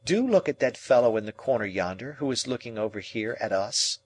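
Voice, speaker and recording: A man's voice: medium pitch, lively intonation, fairly quick, lightly acted. A man voicing an earnest, pleading young man. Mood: pressing.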